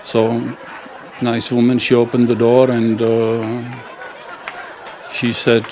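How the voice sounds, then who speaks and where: A man telling jokes casually in a halting way, with many fillers and grammar. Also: medium pitch, completely flat delivery, a little mellow, a faint crowd, slight background noise. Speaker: joke teller.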